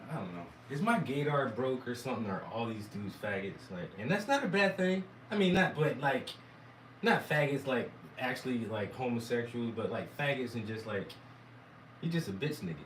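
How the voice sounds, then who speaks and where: A hoarse man giving crude, mocking reaction commentary in a rambling rant. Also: medium pitch, expressive, moderate pace, roomy sound, recorded from a distance, slight background noise, rough recording. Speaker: commentator reacting to debate clips.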